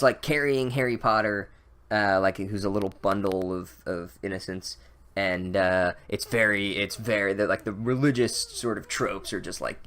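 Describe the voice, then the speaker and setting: Male comic recapper, lowish voice, loose, sarcastic, swears a lot, stumbles and restarts mid-thought. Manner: sarcastic, profane, full of "like" and restarts. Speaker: comedic book recapper. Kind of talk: rambling comedic recap.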